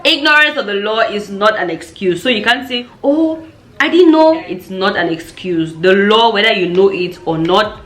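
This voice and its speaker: A woman from Cameroon, telling a storytime vlog in an animated way and acting out the voices of the people she quotes. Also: mid-range voice, moderate pace, a little hiss or hum. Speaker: YouTuber. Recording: roomy echo.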